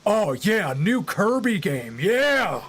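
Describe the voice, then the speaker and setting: A man's voice: high-pitched, big pitch swings, slow, a bit bright, breathy edge, faint music behind, exaggerated voice. Kirby, a man doing a cheerful little creature. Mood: chummy.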